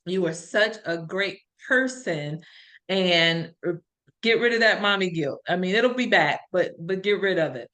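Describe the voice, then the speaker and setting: A woman's voice: fairly low pitch, measured pace, fairly bright tone. A middle-aged woman hosting a podcast, telling stories in an earnest, reflective way in casual conversation. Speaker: podcast host.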